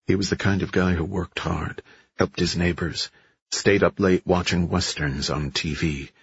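A man reading a thriller audiobook in a measured, steady way. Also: low-pitched, vocal fry, breathy edge, no echo, highs cut off. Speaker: audiobook narrator. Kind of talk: scripted narration.

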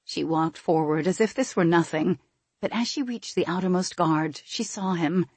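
In a low, husky voice, a woman narrates an audiobook, telling the story at a steady, measured pace. The recording is close and dry, with no room sound and no echo.

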